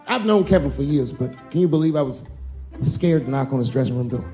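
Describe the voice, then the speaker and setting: Animated man doing stand-up. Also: mid-range voice, fairly quick, faint music behind. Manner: animated storytelling, swearing, jumps into shouts. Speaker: stand-up comedian. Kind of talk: stand-up comedy routine. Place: comedy stage before a live audience.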